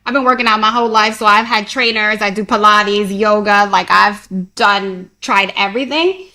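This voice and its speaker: A woman's voice: medium pitch, steady tone, moderate pace, sharp tone. A woman from Connecticut hosting an interview, asking long rambling questions in casual chat and laughing often. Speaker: podcast host.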